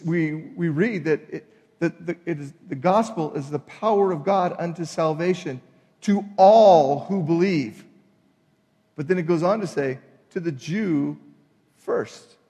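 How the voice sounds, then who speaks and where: A man preaching a sermon, emphatic and animated, acting out the people in his retelling. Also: a little high, in a large hall. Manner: emphatic, acts out voices in retelling. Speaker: pastor.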